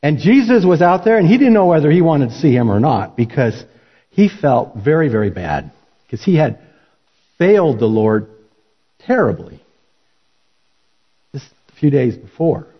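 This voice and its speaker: A man's voice: mid-range voice, very animated, measured pace, long pauses, breathy edge. A man preaching a sermon, telling the story in a folksy, conversational way. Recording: dull lo-fi recording.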